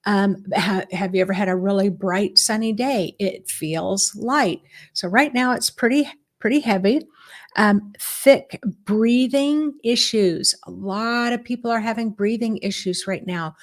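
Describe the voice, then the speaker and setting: A woman's voice: mid-range voice, steady tone, measured pace. A middle-aged woman, a spiritual teacher, talking casually to her viewers and guiding them through imagery in a chatty, encouraging way. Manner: chatty and encouraging, guides the listener through visualizations. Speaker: spiritual teacher hosting a live stream.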